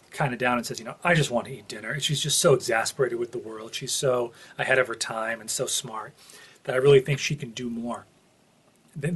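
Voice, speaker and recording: Husky-voiced man reviewing a TV episode. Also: mid-range voice. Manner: opinionated, earnest, thinks aloud. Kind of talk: casual spoken review.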